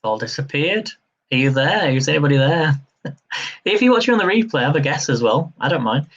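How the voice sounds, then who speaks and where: A man's voice: on the high side, big pitch swings, brisk, slightly rough, lo-fi sound. A man hosting a live-stream quiz, chatty and upbeat, laughing easily as he reads questions and counts down. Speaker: quiz host.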